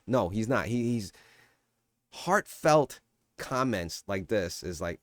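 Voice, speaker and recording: A man's voice: fairly low pitch, normal speed, no echo, studio quality. A man talking casually on his own vlog, rambling and getting worked up as he answers viewer comments. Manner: animated, rambling, defensive. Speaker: crypto YouTuber. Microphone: shotgun mic.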